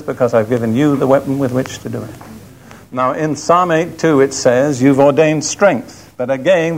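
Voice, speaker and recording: An older man preaching a sermon, reading scripture in a slow, deliberate and emphatic way. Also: medium pitch.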